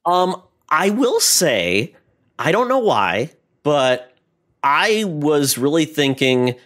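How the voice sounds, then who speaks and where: Male podcast co-host, lively pitch, hesitant opinions. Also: takes it slowly. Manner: animated, hesitant opinions with asides. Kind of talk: casual movie discussion.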